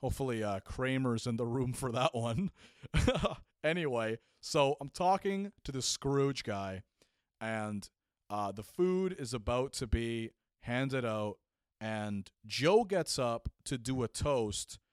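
Young male storyteller, casual and animated, acts out voices, dead-dry recording. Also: medium pitch, slow, no room sound. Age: young adult. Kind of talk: comedic storytelling.

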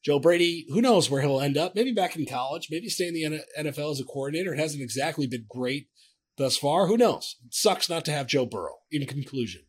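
A man co-hosting a casual sports talk show, animated and profane, often trailing off and restarting. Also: on the high side, a little fast, slightly rough. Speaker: sports podcast co-host. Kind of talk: casual chat.

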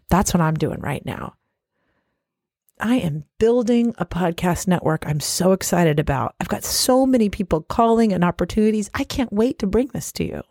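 A woman's voice: mid-range voice, mellow, no echo, studio quality. A middle-aged woman hosting a faith-based motivational podcast, speaking earnestly and encouragingly straight to the listener. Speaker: podcast host.

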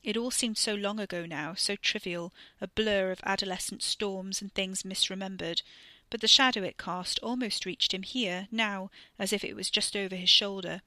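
A woman narrating a serialized story in a measured, literary style. Her voice is bright and clear, recorded close and dry. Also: mid-range voice, steady tone, dry recording. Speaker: audiobook narrator. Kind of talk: scripted narration.

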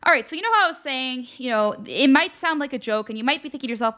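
A woman's voice: sits high, animated, fast talker, hardly any pauses, sharp tone. Chatty young woman hosting a livestream. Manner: chatty, many fillers, reads viewer comments aloud. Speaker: livestream show host. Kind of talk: casual opinion livestream, reading chat.

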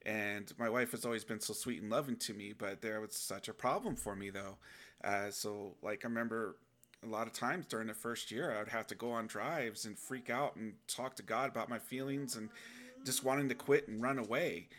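A young adult man hosting a casual self-help video, speaking reflectively and acting out inner dialogue with sudden animated outbursts. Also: fairly low pitch, moderate pace. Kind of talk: casual spoken reflection to camera.

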